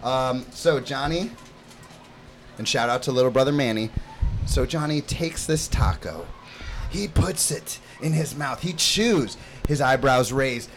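A man's voice: medium pitch, expressive, a little slow. A young man hosting a casual podcast, playfully teasing and hyping up a room full of kids at a summer camp. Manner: playful, hypes up and teases the guests. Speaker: podcast host and camp counselor. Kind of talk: casual group chat with kids.

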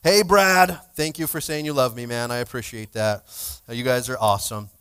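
A man's voice: medium pitch, a little fast, clear, resonant tone. A man, the lead pastor, joking playfully with his congregation while opening a church service. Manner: playful, jokey, energetic crowd banter.

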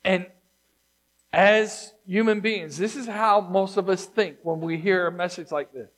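High-voiced man preaching a sermon. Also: fairly even intonation, measured pace. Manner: conversational, emphatic preaching that swings from loud to hushed. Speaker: pastor.

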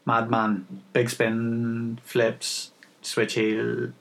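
Male co-host, gravelly, sweary casual banter, remote call. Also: mid-range voice, extremely slow, low-quality recording. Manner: sweary, laughing, relaxed banter. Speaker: podcast co-host. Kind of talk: casual chat.

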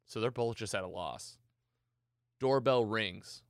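A man hosting a podcast, retelling a TV episode in casual, excited chat. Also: lowish voice, takes it slowly, no room sound, clean studio sound. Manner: excited, animated storytelling. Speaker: podcast host recapping a TV episode.

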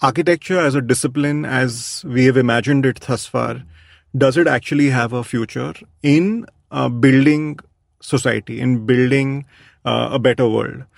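A man's voice: medium pitch, moderate pace, gravelly, dry recording, studio quality. A man, answering as an architect guest in a reflective interview, thoughtful and hesitant with many fillers.

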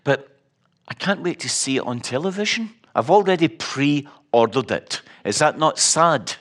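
Slow-spoken Scottish preacher. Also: male voice, a little high, animated, fairly bright tone. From Scotland. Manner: storytelling, wry humor, emphatic repetition. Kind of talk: sermon.

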